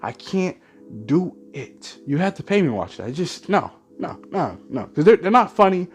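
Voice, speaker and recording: Exasperated man ranting, slightly high voice. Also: very animated, moderate pace, soft background music. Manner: profane, exasperated rant with mock quotes. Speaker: movie reviewer. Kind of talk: ranting movie review vlog.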